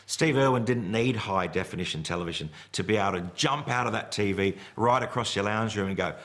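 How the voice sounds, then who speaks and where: A man in an interview who recalls a meeting with animated, storytelling energy. His voice sits fairly low. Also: fairly quick. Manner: enthusiastic, storytelling. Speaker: former kids' TV presenter. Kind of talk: interview recollection.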